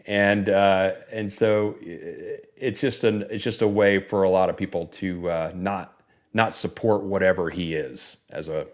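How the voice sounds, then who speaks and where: A man from Northeast Florida co-hosting a casual sports podcast, easygoing and rambling, with plenty of fillers and restarts. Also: on the low side. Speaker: podcast co-host.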